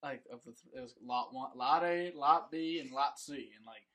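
A man's voice: mid-range voice, moderate pace, a bit bright. A man hosting a podcast in casual chat, telling rambling stories packed with "like" and restarts. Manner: rambling storyteller, heavy use of "like". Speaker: podcast host.

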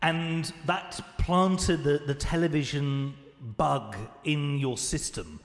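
Higher-voiced guy hosting an interview, teasing little jokes, very echoey room. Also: slow. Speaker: interview host. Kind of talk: casual interview chat.

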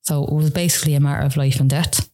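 Low-voiced Irish woman telling her story. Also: fairly even intonation, fast talker, warm tone. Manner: rambling, frequent "like" fillers, retells dialogue. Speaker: guest. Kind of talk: casual interview storytelling.

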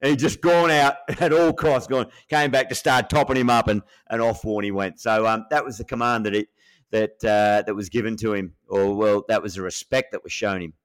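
Aussie bloke on a podcast, low voice, tells stories with lots of laughs. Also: male voice, moderate pace, smooth. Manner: animated storyteller, laughing, acting out quotes. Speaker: co-host, former cricketer. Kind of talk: casual podcast storytelling.

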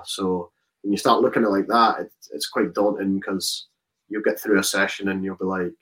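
A young man with a lowish voice talks through his rugby career in an easy, rambling way. He circles back on himself often, with plenty of "like" and "um" along the way. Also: fairly even intonation, moderate pace, a bit bright, rough recording. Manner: casual, rambling with many fillers and restarts. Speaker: rugby player guest. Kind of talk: casual interview chat.

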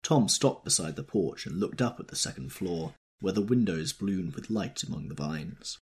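A man narrating a novel in a measured, expressive storytelling manner. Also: deep voice, slightly rough. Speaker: audiobook narrator. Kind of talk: scripted literary narration.

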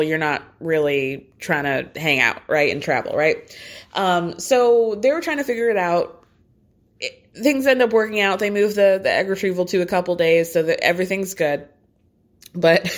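Chatty woman recapping with frequent laughs. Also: medium pitch. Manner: chatty, laughs often, lots of fillers and quoted asides. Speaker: reality TV recap commentator. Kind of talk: casual recap chat.

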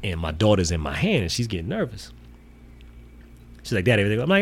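Low-voiced, fast-talking bronx man. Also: a little hiss or hum. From the Bronx, New York. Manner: profane, animated storyteller. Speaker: podcast guest, sneaker collector. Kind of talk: casual storytelling in an interview.

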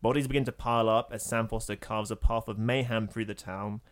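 A man co-hosting a film podcast, telling stories in an animated way and laughing often. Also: lowish voice, a little fast. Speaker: podcast co-host. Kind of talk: casual chat.

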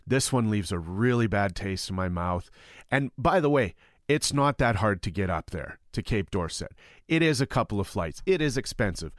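A man's voice: fairly low pitch, lively intonation, normal speed, no room sound, clean studio sound. A man on a podcast panel, speaking in heated, emphatic opinion talk and swearing freely.

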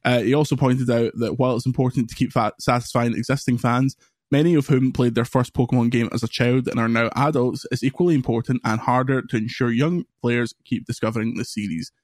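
Man, podcast host, casual rambling chat, middle pitch, dry close mic. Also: darkish tone, no echo. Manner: rambling, quick asides and jokes. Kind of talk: casual chat, reading news items.

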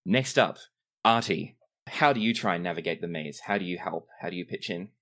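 Man, very low voice, game master, describing scenes steadily. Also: animated, a bit bright. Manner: descriptive, measured scene-setting. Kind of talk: narrating a tabletop game.

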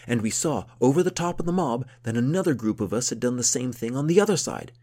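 A man voicing a boastful, hot-tempered warrior count who talks loudly and grandly. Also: low-pitched, animated, fairly quick, gravelly, full character voice. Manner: loud, blustering, grandly boastful.

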